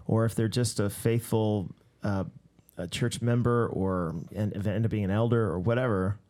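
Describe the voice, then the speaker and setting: A man's voice: on the low side, fairly even intonation, normal speed, warm tone. A man and ministry leader chatting casually with friends, rambling with many restarts and telling stories with laughs. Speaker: ministry leader and podcast co-host. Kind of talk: casual chat.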